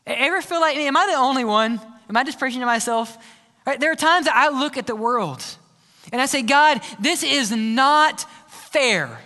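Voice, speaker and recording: A man's voice: very high voice, fast talker, bright, forceful tone. A man preaching a sermon as pastor, earnest and emphatic, often asking his listeners questions. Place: church sanctuary. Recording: reverberant church sanctuary.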